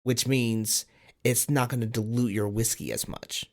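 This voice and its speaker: A man co-hosting a casual podcast, telling family stories in an animated, lively way. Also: mid-range voice, a little slow. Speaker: podcast co-host.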